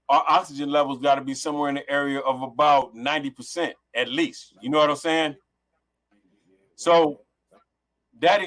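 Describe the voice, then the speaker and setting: Rambling man from Los Angeles, higher voice. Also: sharp tone. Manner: rambling, with many restarts and profanity. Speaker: guest. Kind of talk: casual storytelling on a remote call. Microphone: headset.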